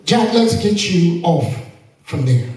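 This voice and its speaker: A man voicing God as a calm, patient presence who speaks slowly and with assurance. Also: high-pitched. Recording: echoey church from far off.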